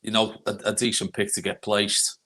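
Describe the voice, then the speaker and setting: A man's voice: lowish voice, little pitch movement, moderate pace, bright, forceful tone. A man from England giving racing tips with dry, teasing banter in casual chat. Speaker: resident tipster.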